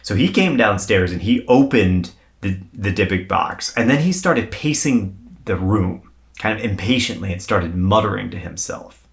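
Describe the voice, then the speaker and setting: A man co-hosting a podcast, telling a paranormal story in a casual, animated way and swearing freely. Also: on the low side, normal speed, creaky. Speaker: podcast co-host.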